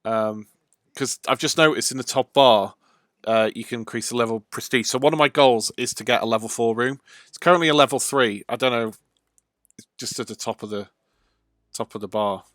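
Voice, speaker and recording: A man's voice: medium pitch, brisk, fairly bright tone, no room sound, studio quality. A man streaming a video game live, chatting in a loose, rambling way with frequent ums and uhs. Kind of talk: casual let's-play livestream commentary.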